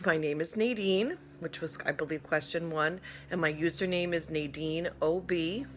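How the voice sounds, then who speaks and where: A woman's voice: low voice, normal speed, a little hiss or hum. A woman from Rhode Island vlogging in a casual, rambling chat full of asides. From Rhode Island, USA. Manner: chatty and rambling, with many asides.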